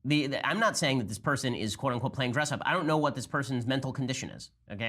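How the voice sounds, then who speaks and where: A male commentator talks fast and combatively, breaking into a clip to argue his view point by point. His voice sits at a middle pitch. He keeps pressing with a rhetorical "okay?". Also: animated, fairly bright tone. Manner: combative, argumentative, repeats "okay?" for emphasis. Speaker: political commentator.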